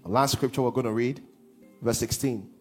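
A man preaching a sermon as pastor, swinging from hushed lines to half-sung shouts. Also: medium pitch, steady tone, normal speed, slightly rough, soft background music.

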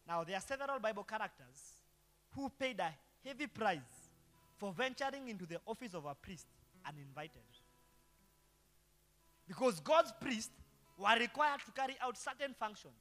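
A man's voice: high-pitched, sing-song, moderate pace, long pauses, bright, forceful tone. A male pastor preaching a sermon, throwing rhetorical questions to the congregation. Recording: long hall reverb with faint guitar.

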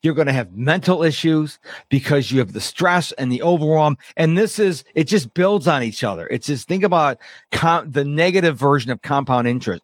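A middle-aged man who coaches people on overwhelm, talking casually as a podcast guest and acting out quotes in lively voices. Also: a little high, no room sound, clean studio sound. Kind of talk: casual interview talk.

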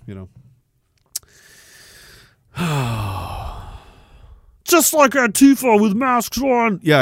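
A man's voice: medium pitch, a bit bright, no room sound, studio quality. A man hosting a podcast, ranting in a casual, profane and sarcastic way and reading out listener comments. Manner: profane, sarcastic, slips into mocking put-on voices. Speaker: podcast host.

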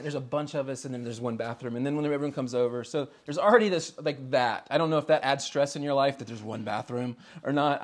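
A man in his thirties from the United States, a pastor preaching a relaxed, conversational sermon in a storytelling way, chuckling often between phrases. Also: fairly high pitch.

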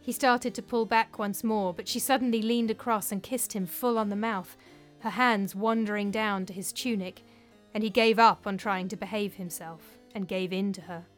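Woman narrating a story over soft music. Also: medium pitch, steady tone, moderate pace.

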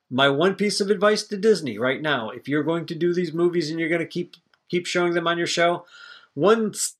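A man's voice: fairly high pitch, a bit bright, husky. Opinionated man rambling on movies. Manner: rambling, opinionated, swears freely. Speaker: podcast co-host. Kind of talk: casual movie review chat.

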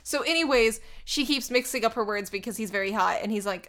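A woman co-hosting a casual podcast, talking through a cartoon episode with a fairly high voice. She slips into quick little character voices when she quotes the characters. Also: a bit bright. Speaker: podcast co-host. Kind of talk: casual chat recapping a cartoon.

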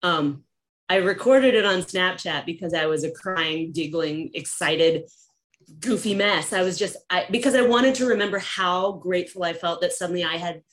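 A woman guest on a podcast, chatting casually and telling a story in an animated, laughing way. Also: on the low side, normal speed. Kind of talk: casual chat.

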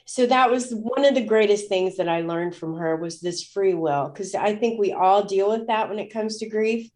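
A woman's voice: medium pitch, normal speed, a little mellow. A woman speaking as a guest in an interview, telling a personal story in a candid, emotional way with many fillers.

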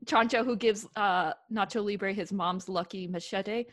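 A woman's voice: medium pitch, measured pace. A young woman co-hosting a podcast, blunt and playful, chatting casually and swearing now and then. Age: young adult. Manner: blunt, playful, laughs often. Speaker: podcast co-host. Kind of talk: casual chat.

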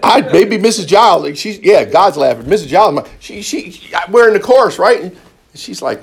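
Husky, lively male preacher with a slightly high voice, mixing testimony with jokes for the congregation. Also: moderate pace. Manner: animated, jumps into loud high-pitched quoted voices; joking with the congregation. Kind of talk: testimony sermon.

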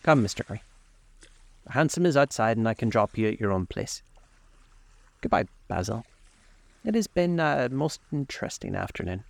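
A man reading as a drawling, witty nobleman in a gravelly voice. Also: medium pitch, sing-song, moderate pace, pauses often, no room sound. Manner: drawling, epigrammatic. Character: languid witty older nobleman.

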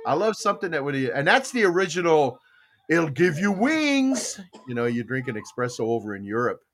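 An older American podcast host tells stories in a casual, rambling chat, speaking fast in a medium-pitched voice. He is animated and acts out the dialogue.

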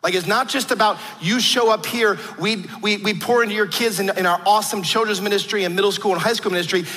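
A man's voice: sits high, fairly even intonation, fast, bright, forceful tone. A man preaching a sermon, telling stories earnestly with frequent restarts. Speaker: pastor. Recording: long hall reverb.

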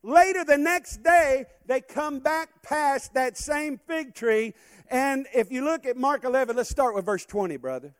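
Animated high-pitched preacher man. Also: unhurried, clear, resonant tone, no echo, clean studio sound. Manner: animated, calls on the congregation to respond. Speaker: guest speaker. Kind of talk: sermon. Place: church hall.

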